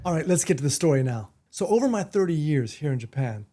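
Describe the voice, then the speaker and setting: A fifties-aged martial arts instructor and vlogger from Miami, Florida, USA, casually tells joking stories straight to camera. His warm, fairly high voice swings widely in pitch and moves fast, with slight background noise.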